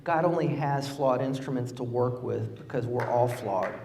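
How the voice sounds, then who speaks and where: A middle-aged man giving a campaign speech at a fundraiser, impassioned, rising to emphatic peaks and dropping low and quiet. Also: moderate pace, far from the mic, heavy background noise. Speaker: political candidate. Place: fundraiser event venue.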